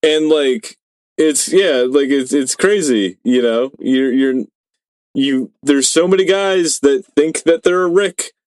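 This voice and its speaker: Speaking slowly in a mid-range, slightly mellow voice, a man co-hosts a podcast. His casual talk is profane and rambling, packed with filler words.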